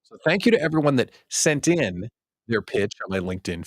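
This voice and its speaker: A man's voice: medium pitch, very animated, a little fast, no room sound. A man hosting a small business show, telling stories in a casual, self-mocking way and acting out his own past thoughts. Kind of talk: casual livestream monologue.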